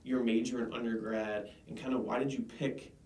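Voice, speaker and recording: A man's voice: mid-range voice, moderate pace. A young man co-hosting a casual science podcast, telling chatty, rambling stories. He sits some way from the mic, and his voice rings in a roomy space. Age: young adult. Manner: chatty, rambling tangents, lively storytelling. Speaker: podcast co-host. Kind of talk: casual interview chat. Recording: echoey room, distant mic.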